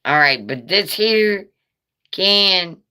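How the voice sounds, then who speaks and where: A woman live streaming in casual chat, with a raspy voice like a chain smoker's, talking in a nervous, rambling, profane way. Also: on the low side, lively intonation, very slow, bright, forceful tone.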